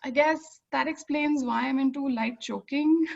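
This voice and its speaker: A woman finishing a stand-up set with deadpan jokes and laughing at her own lines. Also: high voice, moderate pace, vocal fry. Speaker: stand-up comedian. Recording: dull lo-fi stage recording.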